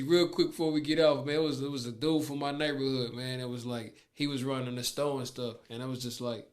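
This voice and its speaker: A man's voice: mid-range voice, little pitch movement, brisk. Laid-back man in casual slang chat. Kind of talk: casual conversation.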